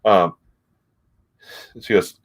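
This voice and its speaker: A man casually reviewing comic books, rambling with many fillers and restarts. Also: very slow.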